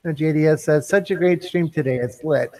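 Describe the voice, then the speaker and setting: A man's voice: fairly high pitch, fairly quick, darkish tone, dry recording. A man co-hosting a livestream, cheerfully reading viewer comments aloud. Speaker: co-host reading chat. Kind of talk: casual livestream chat.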